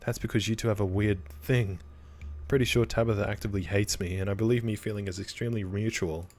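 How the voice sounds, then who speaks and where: A man's voice: lowish voice, steady tone, quick pace, a little mellow, lightly acted. A man voicing an anxious young woman who frets and always expects disaster. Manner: fretful, catastrophizing. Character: jumpy anxious young woman, quick to panic.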